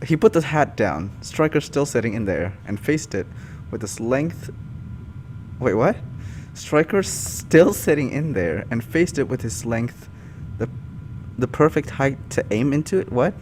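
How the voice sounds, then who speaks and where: A man doing a comic read-through of fan fiction, animated and often breaking off to laugh and comment. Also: medium pitch, unhurried, a little hiss or hum. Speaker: YouTuber reading fan fiction. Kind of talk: comic reading with live reactions.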